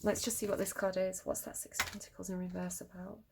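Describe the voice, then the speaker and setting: A woman's voice: mid-range voice, level tone, fast, creaky, background noise. A middle-aged woman giving a casual tarot reading, encouraging and thinking aloud with many fillers as she turns cards. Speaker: tarot reader.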